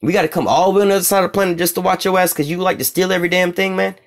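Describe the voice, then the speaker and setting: A man's voice: high-pitched, fairly even intonation, very fast, pitched above the performer's own voice. A man voicing a mocking impression of an irate male world leader, in profane, exasperated street slang.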